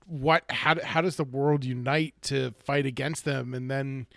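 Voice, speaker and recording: A man's voice: mid-range voice, steady tone, unhurried, gravelly, a bit bright, dry recording, clean studio sound. A man co-hosting a casual podcast, talking through his game-master ideas with many restarts. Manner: hesitant, restarts often. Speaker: podcast co-host, dungeon master. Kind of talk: casual chat.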